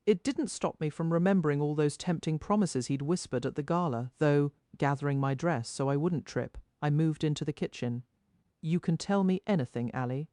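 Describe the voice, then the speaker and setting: A woman narrating a first-person romance audiobook in an expressive, intimate storytelling manner. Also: low voice, normal speed, hardly any pauses, no echo, clean studio sound.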